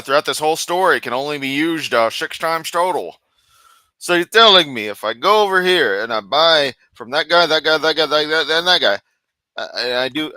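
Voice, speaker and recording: A theatrical male market trader, as a man puts him on, with a jumbled mix of accents and a raised, bright voice. He haggles loudly over prices. The sound is dry and close. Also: on the high side, no echo, voice pushed up. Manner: theatrical, bargaining.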